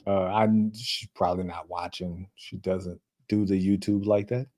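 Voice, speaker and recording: With a deep, warm voice that barely shifts in pitch, a man from New York rambles casually as co-host of a movie talk show, restarting often and leaning on filler words. He keeps a moderate pace.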